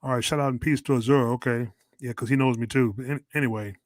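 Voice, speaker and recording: A man's voice: medium pitch, fairly even intonation, quick pace, dry recording. A middle-aged man calling into a casual talk show, rambling and often repeating his words. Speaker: guest caller. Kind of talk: casual chat.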